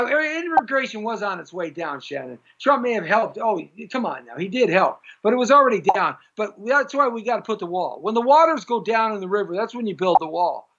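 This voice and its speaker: A man's voice: sits high, fairly bright tone. A middle-aged man hosting a live-streamed talk show, rambling in a jokey, opinionated way and reading out viewers' comments. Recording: dull lo-fi live stream audio.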